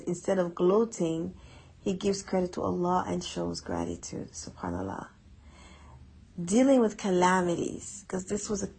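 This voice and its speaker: A woman with a low, husky voice talks through a Quran reflection lesson. She is earnest and chatty, and she repeats words to stress a point. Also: darkish tone, low-quality recording. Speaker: Quran teacher.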